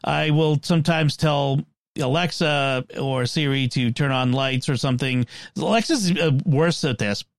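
A man's voice: mid-range voice, a little slow, gravelly, dry recording, clean studio sound. A man hosting a casual podcast panel, reading headlines and joking with a laugh in his voice. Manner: animated, laughs often, reads out headlines. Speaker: podcast host.

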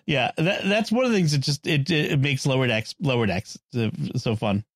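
A man's voice: mid-range voice, sing-song, moderate pace, no room sound, clean studio sound. A man co-hosting a podcast, giving easygoing commentary and chuckling often. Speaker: podcast co-host. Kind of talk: casual chat.

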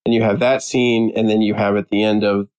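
A man chatting casually as a panelist, animated and amused as he retells favorite scenes. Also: fairly low pitch, fairly quick, clear, resonant tone, rough recording. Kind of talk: casual chat.

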